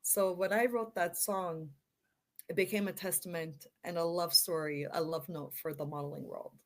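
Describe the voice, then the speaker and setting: With a lowish voice, fairly even intonation, and normal speed, a middle-aged woman from Canada appears as a model guest on a podcast. In casual conversation she is a chatty storyteller who is self-deprecating and laughs often.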